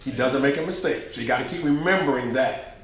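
A man's voice: medium pitch, quick pace, a bit bright. A male pastor preaching a sermon, emphatic and colloquial, with lots of repetition. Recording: very echoey hall, faint noise.

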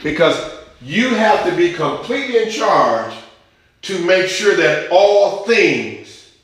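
A man's voice: high-pitched, very animated, slow pace, a bit bright. A man preaching a sermon, teaching scripture with emphasis and asking the congregation questions. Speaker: pastor. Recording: echoey church hall.

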